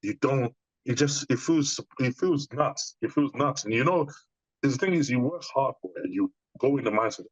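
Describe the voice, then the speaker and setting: A man's voice: mid-range voice, moderate pace, breathy edge, no room sound, lo-fi sound. A man being interviewed as a guest, speaking casually and telling stories with many restarts. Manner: animated storytelling, many restarts. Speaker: bodybuilder guest.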